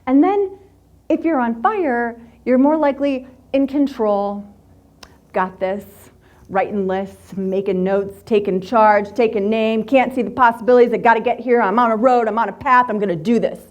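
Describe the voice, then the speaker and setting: A woman speaking with a voice pitched a little high for a woman, addressing a live group in a motivational workshop. She talks candidly and swears freely. She tells her stories with animated, playful energy. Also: moderate pace. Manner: candid, profane, animated storyteller.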